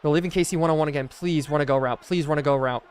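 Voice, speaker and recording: A young man with a slightly high voice calls the action of a football video game live. He is excitable and chatty and breaks off mid-play to answer his viewers. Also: rapid-fire, clean tone. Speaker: gaming streamer. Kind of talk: live gameplay commentary with chat.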